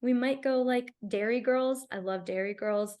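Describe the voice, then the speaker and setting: A woman's voice: on the high side, moderate pace. A young adult woman chatting casually as a podcast guest, talking openly with a lot of "like" fillers. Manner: chatty, frequent "like" fillers, animated. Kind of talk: casual chat.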